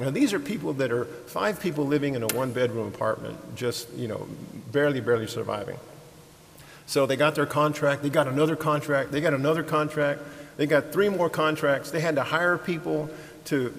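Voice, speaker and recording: A man telling a ministry story to a congregation, animated, acting out the people he quotes, with frequent restarts and repeated words. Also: medium pitch, vocal fry. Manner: animated, acts out quoted voices, laughs easily. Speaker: ministry leader. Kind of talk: sermon-style storytelling. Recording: long hall reverb, faint hiss.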